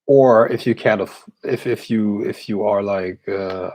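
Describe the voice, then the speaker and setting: A man's voice: on the low side, flat delivery, moderate pace, a little mellow, low-quality recording. A man speaking as an occultist, answering viewer questions in a casual live Q&A, blunt and profane, with scoffing laughs.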